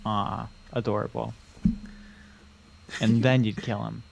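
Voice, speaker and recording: A man co-hosting a painting stream, dropping in slow, quiet remarks. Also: on the low side, little pitch movement, vocal fry. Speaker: stream co-host. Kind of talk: casual chat while painting miniatures.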